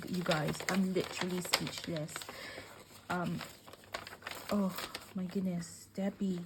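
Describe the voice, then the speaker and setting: Slow-talking, gushing woman. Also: mid-range voice, background noise. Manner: gushing, emotional, often dropping to a soft whisper. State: teary. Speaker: craft vlogger. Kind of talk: casual unboxing chat.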